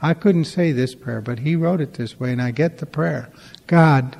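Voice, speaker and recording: Older guy with a gravelly mellow voice telling wry recovery stories, echoey hall. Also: on the high side, moderate pace. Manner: conversational, acts out dialogue, wry humor. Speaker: recovery meeting speaker. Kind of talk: storytelling talk to a recovery meeting.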